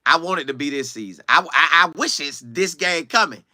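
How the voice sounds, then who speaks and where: A man's voice: a little high, lively intonation, fairly quick, sharp tone, no echo, clean studio sound. A young man hosting a casual livestream, reading viewer comments and answering them, repeating words for emphasis.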